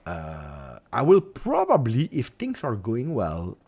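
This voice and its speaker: A man's voice: mid-range voice, wildly swooping pitch, slow, gravelly, a little mellow. A man with an Italian accent who hosts a football channel, chatting casually and rambling expressively on a live stream with lots of fillers.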